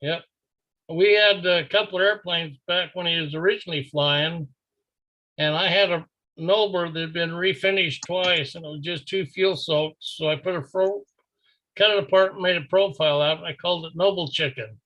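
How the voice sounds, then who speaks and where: Older man, bright and slightly muffled. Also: on the high side, normal speed. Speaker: video hangout participant. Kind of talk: casual anecdote telling. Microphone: video call.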